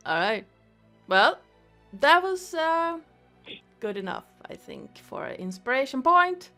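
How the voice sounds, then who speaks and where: Bright, lively woman running a game. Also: sits high, slow pace, faint music behind. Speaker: game master.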